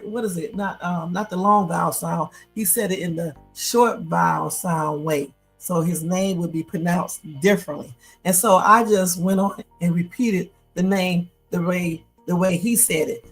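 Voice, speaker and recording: A woman hosting a live stream, telling a story in an animated, chatty way, often breaking into laughter. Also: on the low side. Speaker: livestream host.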